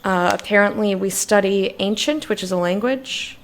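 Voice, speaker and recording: A woman's voice: mid-range voice, moderate pace, few pauses. A woman chatting casually while streaming a game, sleepy and rambling, apologizing and swearing lightly. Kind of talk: casual let's-play chat.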